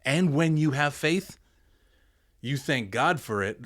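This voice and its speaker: A man's voice: fairly high pitch, animated, slow, fairly bright tone, no echo, clean studio sound. A man, a pastor and military veteran, telling his story in a candid podcast interview with earnest emphasis.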